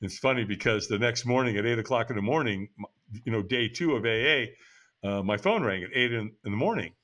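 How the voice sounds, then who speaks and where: A man's voice: mid-range voice, animated, a little fast, fairly bright tone. A man in his sixties telling his life story as a podcast guest, frank and blunt with casual swearing. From United States. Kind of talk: candid personal storytelling.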